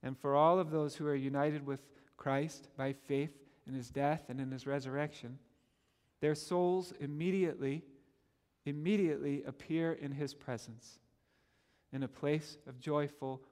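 Animated male preacher in a reverberant hall. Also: a little high, a little slow. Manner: earnest, animated, stammers when emphatic. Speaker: pastor. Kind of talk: sermon.

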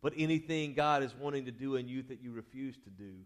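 A man preaching a sermon in a church, talking conversationally, dropping quiet at the ends of phrases and rising to urge the congregation on. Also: medium pitch, fairly quick. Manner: conversational preaching, drops to quiet endings, rises to urge the crowd. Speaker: pastor. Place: church sanctuary.

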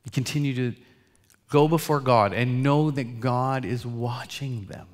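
A man's voice: mid-range voice, steady tone, measured pace. Earnest male pastor in echoing hall. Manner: earnest, swings between loud emphasis and soft asides. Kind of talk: sermon. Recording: long hall reverb.

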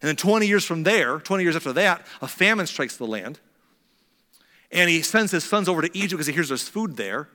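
A man delivers a sermon in a chatty, conversational way, sinking into quiet intensity when the point turns serious. His voice sits a little high for a man. A long reverb trails his words, as in a large sanctuary. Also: lively intonation, fairly quick. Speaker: pastor.

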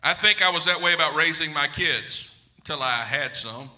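A man's voice: a little high, normal speed, sharp tone. A middle-aged pastor preaching a sermon to his congregation in a large church, emphatic and joking with his listeners.

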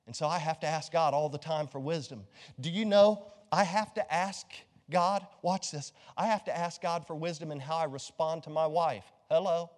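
A middle-aged pastor with a notably high voice preaches at a normal speed, lively and joking as he fires rhetorical questions at his congregation. The church hall gives his words a long, ringing reverb.

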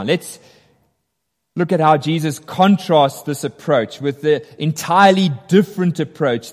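A man's voice: a little high, in a large hall. A man preaching a sermon, earnest and emphatic, his intensity rising as he drives home each point.

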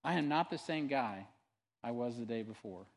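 A man's voice: mid-range voice, normal speed, creaky. Earnest male pastor in a reverberant hall. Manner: conversational storytelling with frequent restarts and asides; earnest and animated when testifying. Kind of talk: sermon.

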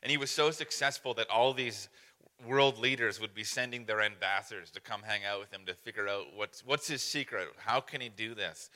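A man delivering a sermon as a pastor, easygoing and self-deprecating, leaning on fillers as he tells stories. His voice sits a little low but sounds very bright and forward. It rings out with a long hall reverb. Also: moderate pace. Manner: casual storytelling with fillers and self-deprecating humor.

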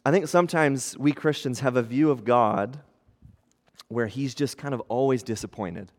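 A man in his thirties, a pastor, preaching in a conversational style that moves between hushed and animated. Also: mid-range voice, moderate pace, in a large hall. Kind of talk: sermon.

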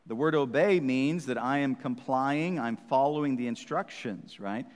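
Conversational, teasing preacher in a hall. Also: male voice, medium pitch, measured pace. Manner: conversational, teasing, frequent "right?" check-ins. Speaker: pastor. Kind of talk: sermon. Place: church. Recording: reverberant church hall.

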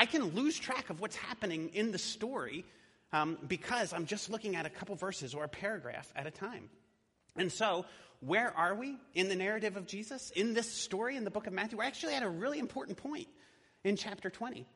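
Husky-voiced man preaching. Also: high-pitched, bright, forceful tone. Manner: conversational, with fillers. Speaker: pastor. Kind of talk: sermon. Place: church. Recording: echoey hall.

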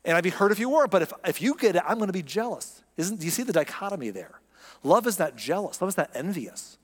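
A man's voice: sits high, big pitch swings, fast. A man preaching a sermon in a conversational way, often acting out imagined speakers. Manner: conversational, acts out quoted voices. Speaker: pastor. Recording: long hall reverb.

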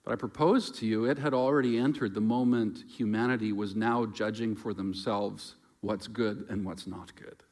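A man preaching a sermon in a reflective, conversational way, moving between loud emphasis and quiet asides. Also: fairly low pitch, fairly even intonation, normal speed, few pauses.

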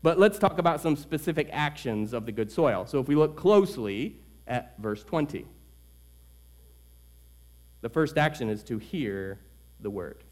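A man preaching a sermon to his church, earnest, swinging between loud emphasis and quiet asides. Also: mid-range voice, lively intonation, measured pace, long pauses. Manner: tells a joke story in the middle. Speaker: pastor.

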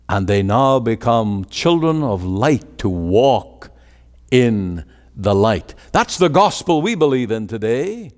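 A man's voice: medium pitch, big pitch swings, slow. A man preaching a sermon with an emphatic, rising and falling cadence. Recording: long hall reverb.

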